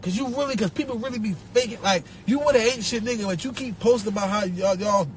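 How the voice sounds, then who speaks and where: A young man with a Philadelphia accent ranting on a live stream, profane and animated, repeating himself and breaking into laughter. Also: high-pitched, fast talker, slight background noise. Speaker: social media personality. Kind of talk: rambling live-stream rant. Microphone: phone.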